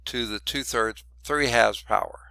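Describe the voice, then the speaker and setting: Slow, gravelly man teaching math. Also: mid-range voice, pushed and bright, no echo. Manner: thinks aloud step by step, muttered asides. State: losing his voice. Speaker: math instructor. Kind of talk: recorded lecture working through problems.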